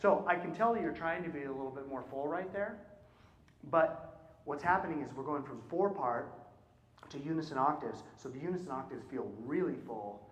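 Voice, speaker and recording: A man working as a choir clinician, coaching singers through a rehearsal and often asking questions and checking in with "right?". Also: medium pitch. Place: concert hall. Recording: roomy hall sound.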